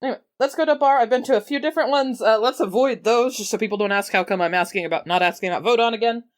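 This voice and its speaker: A woman's voice: a little high, racing. A woman playing a character in a tabletop game, laid-back and dry, with a wry sense of humor. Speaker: player.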